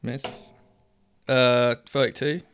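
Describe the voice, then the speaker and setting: A man runs a tabletop game, working through each roll and hit in a steady, methodical way. His voice is bright and forceful. A faint hiss sits under the recording. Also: medium pitch, slow pace. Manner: calls out dice numbers in a steady, methodical way. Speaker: game master.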